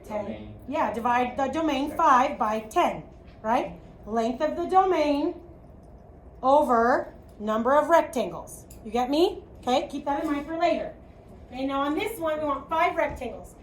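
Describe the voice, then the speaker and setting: A woman's voice: high-pitched, a little hiss or hum. Projecting Chicago-accented woman teaching math. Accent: Midwestern American, Chicago. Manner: chatty, projecting, asks okay often. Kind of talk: classroom lecture. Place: classroom. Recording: echoey classroom from far off.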